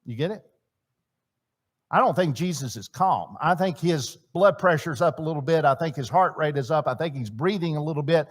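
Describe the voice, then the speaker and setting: A man teaching a church marriage seminar in a sermon style, swinging between loud emphasis and quiet asides and asking his audience questions. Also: a little high, normal speed. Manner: chatty, asks the audience questions. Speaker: seminar speaker. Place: church hall.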